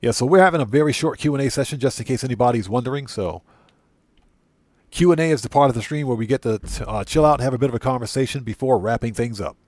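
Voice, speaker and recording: A man's voice: mid-range voice, quick pace, no room sound. Chatty man streaming a game. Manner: relaxed, chatty, greets viewers by name; repeats himself and corrects himself often. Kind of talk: casual livestream chat.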